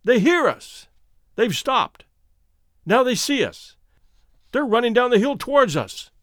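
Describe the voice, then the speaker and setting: A man's voice: a little high, sing-song, normal speed, a bit bright, dry recording, clean studio sound. A man voicing a proud male nobleman in an audio story, speaking eagerly and calling out. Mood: excited.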